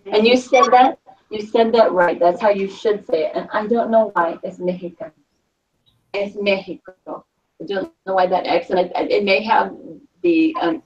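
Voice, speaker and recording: Woman, teacher, classroom explaining, chatty, keeps asking okay, distant mic, muffled lo-fi sound. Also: medium pitch. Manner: chatty, checks in with frequent "okay?". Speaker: Spanish teacher. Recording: distant, dull lo-fi classroom recording.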